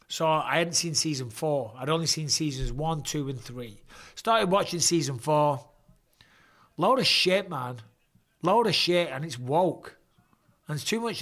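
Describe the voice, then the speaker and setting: A middle-aged man with a northern English accent, hosting a live watchalong and chatting casually with viewers, blunt and quick to swear. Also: fairly high pitch, fairly bright tone. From England. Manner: casual and blunt, swears freely, reads viewer questions aloud. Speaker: host.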